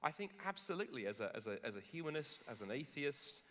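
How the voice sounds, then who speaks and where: A man, a Christian philosopher, debating in front of a live audience; jet lagged, he tells jokey, animated stories full of restarts. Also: mid-range voice, fast, slight background noise. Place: large conference hall on stage. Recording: long hall reverb.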